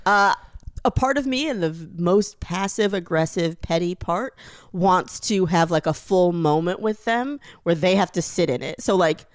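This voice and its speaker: A woman's voice: fairly low pitch, normal speed, dry recording, clean studio sound. A woman co-hosting a casual podcast chat, playful and teasing, often slipping into mock voices. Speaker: podcast co-host.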